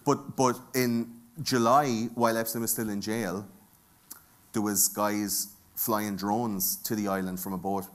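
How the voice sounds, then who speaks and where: A man's voice: lowish voice, steady tone, a little slow. A man with an Irish accent giving a jokey, profane conference talk and bantering with the audience from the stage. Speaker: conference speaker. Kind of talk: comedic live talk.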